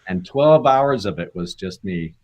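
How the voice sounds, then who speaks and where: A man's voice: deep voice, lively intonation, a little slow, darkish tone. A male actor telling rambling anecdotes in a casual interview, with many fillers and restarts.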